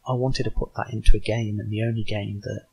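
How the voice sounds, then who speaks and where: A man guest on a podcast, talking casually about designing a board game, halting with many ums and restarts. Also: on the low side, little pitch movement, gravelly, a little mellow, husky, rough recording.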